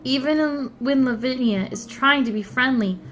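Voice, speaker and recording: A woman reading the lines of an earnest, gentle young girl who speaks softly. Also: high-pitched, moderate pace, faint music behind. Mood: wistful.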